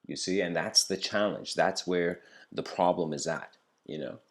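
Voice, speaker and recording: Low-pitched and at a moderate pace, the man improvises a lecture that weaves a story together with reflection. His delivery is loose, filler-laden, and full of "you know."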